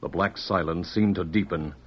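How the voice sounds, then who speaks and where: A man's voice: low-pitched, normal speed, breathy edge. A man narrating a radio drama with dramatic, tension-building delivery. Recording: muffled old radio recording with music. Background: music.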